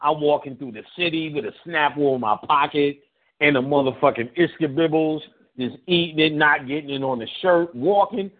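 A man telling profane, animated stories in casual chat as a radio guest. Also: fairly high pitch. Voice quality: animated, profane, fast-shifting delivery. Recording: phone-like radio audio.

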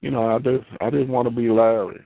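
A man's voice: mid-range voice, fairly even intonation, fast, creaky, dry recording. Preaching man on a tinny phone line. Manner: conversational, repeats phrases, rises into fervent prayer. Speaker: pastor. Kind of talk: preaching and prayer.

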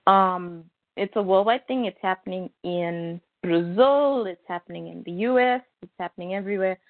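This podcast co-host, a woman with a medium-pitched voice, chats casually at a normal speed, animatedly spinning stories and performing other people's quotes. The sound is dry and tinny, as if heard over a phone.

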